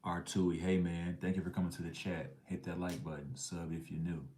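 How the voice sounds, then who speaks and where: Reading out chat on a casual livestream, this middle-aged host speaks in a very low, darkish voice with flat delivery at a moderate pace. He keeps it laid-back and slangy, now and then whispering an aside.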